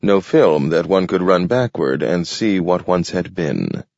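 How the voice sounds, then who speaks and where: A man reading a story aloud in a measured, contemplative narration. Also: deep voice, lively intonation, vocal fry, a little mellow, no echo, dull audio. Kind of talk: scripted narration.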